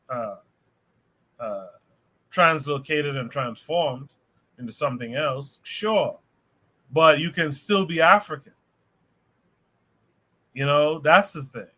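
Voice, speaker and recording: A man's voice: on the high side, sharp tone. A man hosting a livestream podcast, thinking aloud in a rambling way before handing over to a guest. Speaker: podcast host. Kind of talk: casual livestream discussion.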